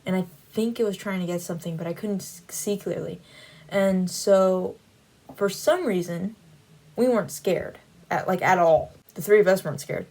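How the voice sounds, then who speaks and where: Rambling woman, mellow voice. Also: mid-range voice, normal speed, poor audio. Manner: rambling, heavy use of "like" fillers. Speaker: Christian vlogger. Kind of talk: casual storytelling, recounting a dream.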